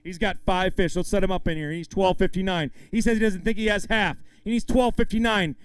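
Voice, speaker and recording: A man's voice: sits high, fairly even intonation, fairly quick, clear, resonant tone, no room sound. A man emceeing a live fishing tournament weigh-in outdoors, hyping up the crowd and the anglers as he calls out weights. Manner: upbeat, hypes up the crowd and anglers.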